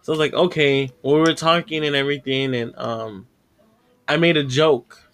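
Male podcast host, slightly high voice, casual profane storyteller. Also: steady tone, normal speed, fairly bright tone, clear, resonant tone. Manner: profane, laughing, acts out dialogue in the story.

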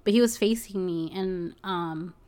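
A woman's voice: fairly low pitch, measured pace, mellow. Young woman telling a story, says like a ton, casual and sweary. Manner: chatty, lots of "like" and "you know", swears, laughs often. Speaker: package delivery driver.

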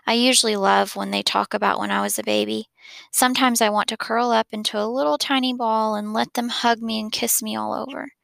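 Woman, school read-aloud, encouraging, very gravelly voice, dry close mic. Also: a little high, fairly even intonation, fairly quick, dry recording. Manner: warm, encouraging. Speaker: school staff member reading to students. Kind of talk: reading a children's novel aloud.

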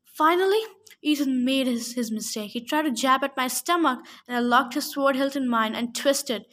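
A woman reading a novel aloud in a steady way, stumbling now and then. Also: high-pitched, normal speed. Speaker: reader.

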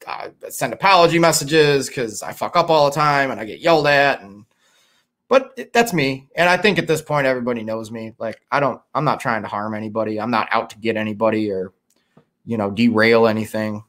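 A man's voice: medium pitch, brisk, a bit bright. A man hosting a livestream in a casual, rambling way, reading out chat messages, swearing freely and poking fun at himself. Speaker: livestream host.

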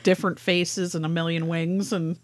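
A woman's voice: on the low side, little pitch movement, moderate pace, no room sound. A woman co-hosting a podcast, asking questions and reacting with playful horror. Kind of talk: casual chat.

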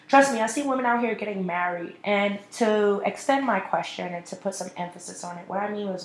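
A woman's voice: mid-range voice, moderate pace. A woman in her twenties hosting a solo podcast, ranting bluntly and with lots of profanity. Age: 20s. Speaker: podcast host. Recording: echoey room.

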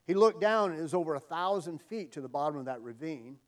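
Earnest higher-voiced male preacher, emphatic evening sermon, distant mic. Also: expressive, quick pace.

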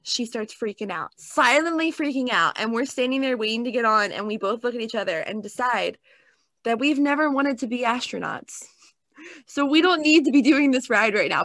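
A young woman co-hosting a casual chat, telling stories in an animated way with lots of "like.". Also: fairly high pitch, no room sound. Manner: animated storytelling with many "like"s. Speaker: co-host.

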